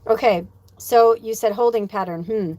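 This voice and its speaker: A woman's voice: a little high, normal speed, darkish tone, no echo. A woman hosting a livestream as a spiritual medium, talking casually, rambling loosely and reading out viewer comments. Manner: chatty storyteller, acts out quoted dialogue.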